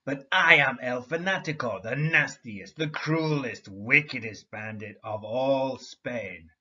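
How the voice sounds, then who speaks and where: A man's voice: mid-range voice, takes it slowly, pushed and bright, muffled recording. A man voicing a boastful, blustering bandit chief in a read-aloud storybook.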